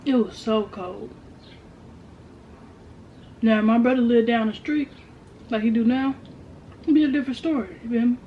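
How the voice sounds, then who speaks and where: Animated young woman telling a storytime. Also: on the high side, fast talker, highs cut off, a little hiss or hum. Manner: animated, repeats lines for emphasis, slangy. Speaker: vlogger. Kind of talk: casual storytime while eating.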